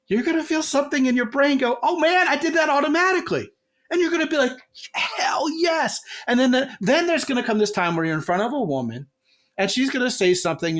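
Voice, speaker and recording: A middle-aged man hosting a podcast as a comedy coach, telling stories in a lively way and jumping his pitch for quoted voices. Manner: animated storyteller, jumps pitch for quoted voices. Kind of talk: casual podcast chat.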